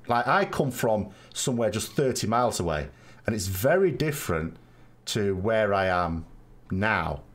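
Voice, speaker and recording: A South Yorkshire man hosting a live stream, talking in a loose, rambling way with dry jokes dropped in. His voice sits fairly low but swings up and down a lot as he talks. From England. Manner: chatty, rambling, wry asides. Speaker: podcast host. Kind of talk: live stream chat answering viewers.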